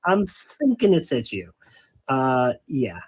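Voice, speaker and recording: A man hosting a laid-back painting stream, chatting on and on and poking fun at himself. His voice is husky and sits at an ordinary male pitch. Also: huge pitch swings, takes it slowly, poor audio. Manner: wordy, rambling, self-mocking. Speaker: host. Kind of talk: casual chat while painting miniatures.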